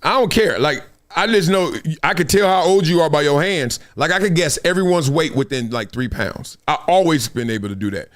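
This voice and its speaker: A middle-aged man hosting a live stream, his voice pitched high and swinging widely as he tells stories. He talks with a loose edge, acts out what other people said, and laughs and curses freely. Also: fairly quick, few pauses. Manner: animated storytelling, acts out quotes, laughs often, swears. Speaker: host. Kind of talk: animated casual live-stream talk.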